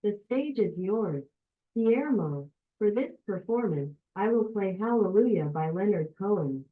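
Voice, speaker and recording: A woman's voice: mid-range voice, a little slow. Robotic synthetic woman's voice, phone-like. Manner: even, mechanical delivery. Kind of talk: text-to-speech reading of a speech. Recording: phone-like narrow band.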